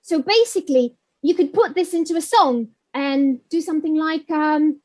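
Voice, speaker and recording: A woman presenting an online webinar for teachers, explaining with many fillers and lively demonstrations. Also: high-pitched, moderate pace, few pauses. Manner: animated, sings and mimics animal sounds to demonstrate. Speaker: teacher trainer.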